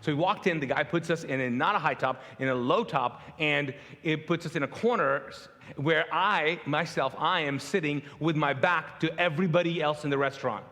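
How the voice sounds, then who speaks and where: A man's voice: fairly high pitch, normal speed, in a large hall. A middle-aged male pastor from Pakistan preaching a conversational sermon, telling stories with humor and acting out what people said. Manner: animated storyteller, acts out quotes, self-deprecating humor. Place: large church hall.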